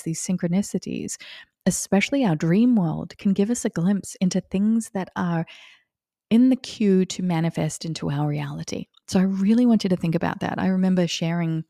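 Aussie lady in her 40s doing a spiritual podcast, lowish mellow voice, dry close sound. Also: creaky, no room sound. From Australia. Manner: unhurried, often laughing as she talks. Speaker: podcast host. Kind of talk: reflective spiritual podcast talk.

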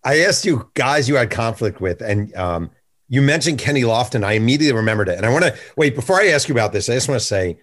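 A man's voice: medium pitch, expressive, quick pace, fairly bright tone. A man hosting an interview, asking eager, direct questions. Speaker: podcast host.

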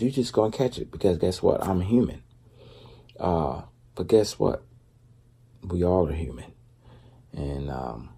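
A man's voice: very deep voice, gravelly, warm tone, breathy edge. A man talking loosely and conversationally in a casual faith-based vlog, full of fillers and asides. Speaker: vlogger.

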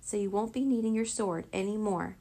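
A woman's voice: medium pitch, a little fast, mellow, natural voice, poor audio. A woman voicing a domineering male wizard villain in a children's storybook, cold and commanding. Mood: gloating.

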